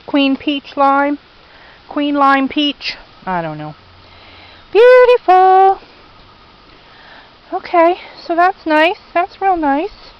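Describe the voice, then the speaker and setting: A woman's voice: sits high, lively intonation, very slow, long pauses, highs cut off. A woman giving a chatty, casual tour of her home garden outdoors, talking to her pets and venting about her losses. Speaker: vlogger.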